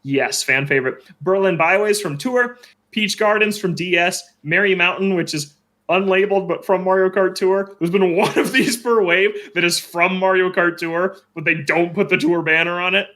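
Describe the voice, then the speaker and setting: A man hosting a podcast, with quick wry remarks and a lively read of a news list. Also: high-pitched. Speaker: podcast host. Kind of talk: casual podcast chat and news rundown.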